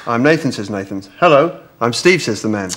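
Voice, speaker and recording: A man playing an earnest writer who reads his screenplay aloud in a steady voice. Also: mid-range voice, a little fast. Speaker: sketch actor.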